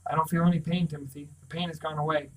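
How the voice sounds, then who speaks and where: A man reading aloud gives voice to a young boy adrift and frightened, spoken plainly without much colour. The melody stays narrow and even, in a slightly high male register. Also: fast talker, natural voice. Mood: worried.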